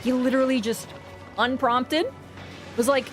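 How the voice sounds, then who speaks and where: A young woman in her twenties from Canada, casually telling a long story while gaming, chatty and animated with frequent laughter. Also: fairly high pitch, moderate pace, soft background music. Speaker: gaming streamer. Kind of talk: casual storytelling over gameplay.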